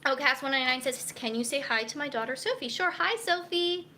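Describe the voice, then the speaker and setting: A young woman talks through a cooking stream in a chatty, rambling way, full of fillers and restarts. Her voice is bright and a little high. She is recorded in her kitchen with faint noise behind her. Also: quick pace. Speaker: dietitian hosting a live cooking stream. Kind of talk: casual chat while cooking. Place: home kitchen. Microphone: camera mic.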